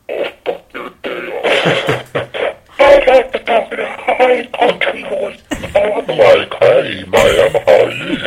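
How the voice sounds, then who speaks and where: Someone playing with a pitch-shifting voice changer, switching between squeaky high and growling low voices. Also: gravelly, slightly rough, heavily acted, poor audio. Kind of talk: playful voice play.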